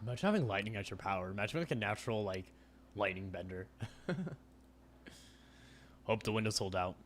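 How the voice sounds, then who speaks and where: A man's voice: lowish voice, fairly quick, slight background noise. A man streaming a visual novel, reading it aloud with playful, wry asides.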